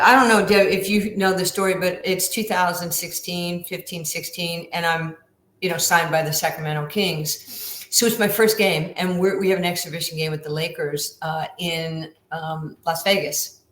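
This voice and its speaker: Woman in her sixties, low, roomy sound. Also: moderate pace. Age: 60s. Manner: animated, acts out other people's lines. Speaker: guest. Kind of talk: storytelling in a podcast interview. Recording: roomy echo.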